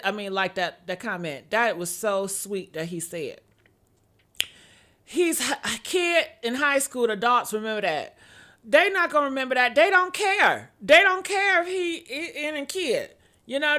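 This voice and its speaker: A woman's voice: fairly high pitch, pushed and bright. A woman vlogger reading out viewer comments in mock outrage, sarcastic, laughing often and repeating short exclamations.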